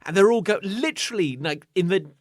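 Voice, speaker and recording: Male co-host, casual chatty storyteller, lively swings in pitch, dry close sound. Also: brisk, dry recording. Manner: animated, swearing storyteller. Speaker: podcast co-host. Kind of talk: casual chat.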